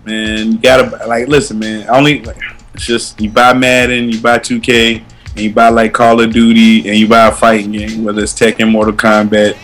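A man's voice: on the low side, level tone, moderate pace, fairly bright tone, faint music behind. A man co-hosting a casual, profane podcast chat, laid-back and given to storytelling rants. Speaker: podcast co-host.

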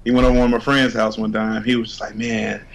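A man's voice: on the low side, level tone, quick pace. A man co-hosting a casual chat, bantering in a laid-back, joking way and telling a story about his son. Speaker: podcast co-host.

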